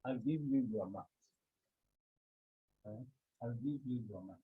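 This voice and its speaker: A man with a Cameroonian accent teaching a Greek class, speaking slowly and deliberately, often checking with his students. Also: medium pitch, slightly rough. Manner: slow, deliberate, repeats key points and checks with "Okay?". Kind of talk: classroom lecture. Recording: tinny phone-like line.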